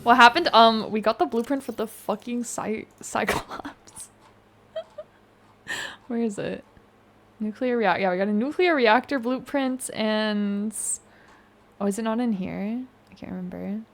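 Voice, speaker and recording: A young woman streaming a game live, excitable and laughing often, swearing freely and using casual gamer slang. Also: fairly high pitch, unhurried, long pauses, a little hiss or hum. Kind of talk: live-streamed gameplay chat.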